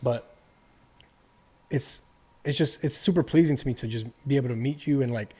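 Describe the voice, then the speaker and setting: Man, podcast host, casual chat, mellow voice, encouraging. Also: mid-range voice, normal speed, slightly rough. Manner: encouraging, affirming. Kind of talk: casual conversation.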